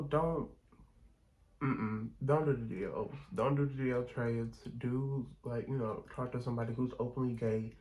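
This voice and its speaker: Young man, vlogger, casual storytime, expressive, profane, mid-range voice. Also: medium pitch, low-quality recording. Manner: candid, expressive, profanity-laced gossip. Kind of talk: casual storytime while doing makeup.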